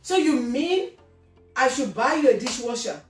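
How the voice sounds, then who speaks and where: A woman with a Nigerian accent scolds sarcastically in a comedy sketch, her voice a touch high. She sounds set back from the mic in an echoey room, with faint music behind. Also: expressive, normal speed, far from the mic. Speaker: comedy sketch performer playing older sister.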